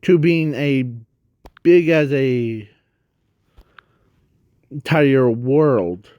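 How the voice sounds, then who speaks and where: A man improvising a fan story in a rambling, halting way, often stopping to correct himself. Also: mid-range voice, mellow, clear, resonant tone, dry recording, lo-fi sound.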